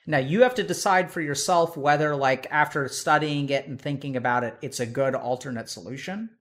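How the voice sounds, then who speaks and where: A man's voice: a little high, a little fast, a bit bright. A man giving blunt, casual advice in conversation, swearing freely and acting out the people in the stories he tells.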